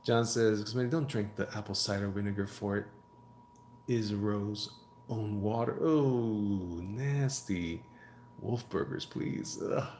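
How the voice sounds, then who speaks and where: A man who draws comics chats slowly on his live stream, his voice low and somewhat dark. He rambles, cracks jokes, and reads viewer messages aloud to riff on, with roomy sound and slight background noise.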